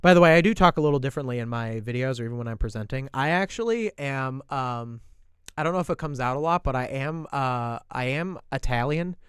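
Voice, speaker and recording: A man with a slight New York accent rambles through casual stream commentary, thinking aloud and restarting his sentences. His voice is smooth and clear, and the sound is close and dry. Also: mid-range voice, expressive, brisk, a bit bright, no room sound. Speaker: YouTuber reviewing creator posts on stream.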